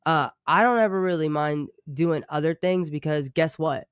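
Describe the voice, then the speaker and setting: A slightly high-voiced man rambles through a live stream, swearing freely and breaking off to answer his chat. His voice is smooth and clear, and it is recorded dry and close, with no room sound. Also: normal speed, dry recording. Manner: profane, rambling, animated asides to chat. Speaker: true crime streamer and musician.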